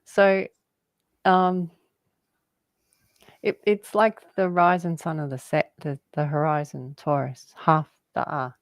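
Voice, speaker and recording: Low-voiced woman musing on spirit. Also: flat delivery, slow, long pauses, no room sound. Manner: rambling, laughs often, word-associating. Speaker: guest. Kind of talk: spiritual casual chat.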